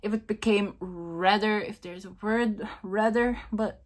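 A woman's voice: mid-range voice, a little slow. A woman vlogging casually and talking to herself, hesitant, repeating beatbox syllables over and over.

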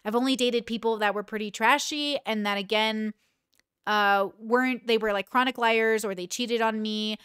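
A woman's voice: a little high, steady tone, normal speed, a bit bright, smooth, dry recording, clean studio sound. A woman in her thirties hosting a reaction commentary, talking candidly and emotionally with many restarts. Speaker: commentary host.

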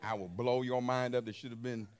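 A man's voice: mid-range voice, steady tone, a little fast. A man preaching a sermon in loose, colloquial speech, firing emphatic rhetorical questions at his congregation.

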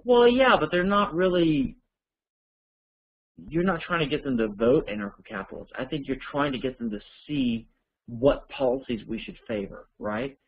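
A man's voice: medium pitch, lively intonation, normal speed, slightly rough, lo-fi sound. A man teaching an online course, answering listener questions in a rambling, conversational way as he thinks aloud.

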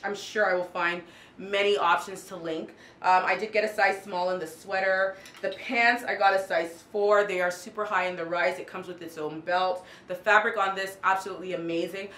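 A woman's voice: mid-range voice, pushed and bright, roomy sound. A woman fashion vlogger talking casually through her outfits, gushing with enthusiasm and repeating her praise. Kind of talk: casual haul vlog.

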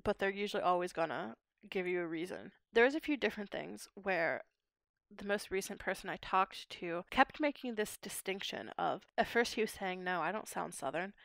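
A woman's voice: mid-range voice, animated, normal speed, gravelly, a bit bright, no echo, clean studio sound. A young woman from Pittsburgh, a linguistics PhD student explaining her research in a podcast interview, articulate and academic. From Pittsburgh, USA. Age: young adult.

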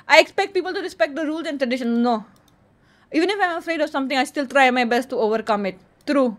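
Speaking briskly and animatedly in a slightly high voice, a woman streamer with an Indian accent chats casually on her livestream. Playful and a bit boastful, she reads out quiz statements and answers each one.

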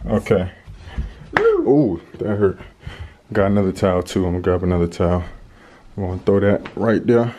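A man's voice: low voice, steady tone, fairly quick, dark tone, a little hiss or hum. A man hosting a family vlog at home, talking to viewers in a playful, joking way. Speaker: father and family vlog host. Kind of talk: casual home vlog narration.

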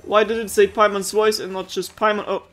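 A woman's voice: medium pitch, little pitch movement, brisk, soft background music. A woman commenting casually while playing a video game, wondering aloud and chatting. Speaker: gaming youtuber. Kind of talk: casual let's-play commentary.

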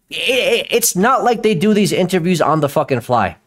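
Ranting young man, high-pitched voice. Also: very animated, normal speed, hardly any pauses. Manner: loud, exasperated ranting with profanity and laughter. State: sore throat from yelling. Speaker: YouTube commentator reacting to a video. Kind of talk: live stream reaction.

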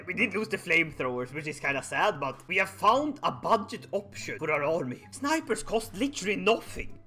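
A high-voiced man with a bright, lively delivery narrates a war strategy game with comic outbursts. His pitch swings widely as he cheers and yells at his units. Faint game music plays behind him. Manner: excitable, shouting at units, mock accents. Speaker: gaming YouTuber. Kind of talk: comedic gameplay commentary.

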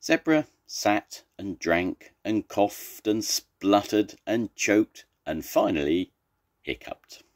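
Slow, deep-voiced grandfather reading aloud. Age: older. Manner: animated, expressive, unhurried. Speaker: storyteller. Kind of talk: reading a children's story aloud.

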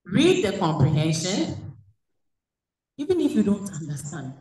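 A woman's voice: on the low side, sing-song, measured pace, a little mellow. A woman teaching a French class over a video call. She poses questions to the class and then answers them herself. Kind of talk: online class lecture. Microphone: video call recording. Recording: echoey room, distant from the mic.

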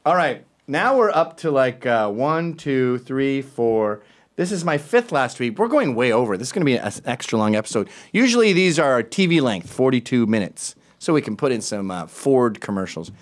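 Male host, casual sarcastic commentary, lively pitch swings. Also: normal speed. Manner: animated, sarcastic asides. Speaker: show host.

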